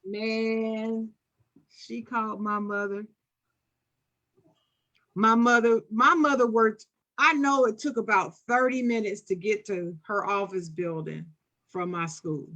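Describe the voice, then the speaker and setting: A woman's voice: medium pitch, a little slow, lo-fi sound. A woman with a Philadelphia accent telling a childhood story on a casual podcast, acting out the voices she quotes. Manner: animated, acts out quoted voices. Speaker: podcast co-host.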